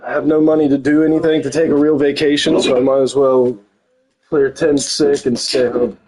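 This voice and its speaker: A man chatting casually during a game, in a relaxed, matter-of-fact way. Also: mid-range voice, normal speed, a crowd in the background, low-quality recording. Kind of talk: casual gaming chat.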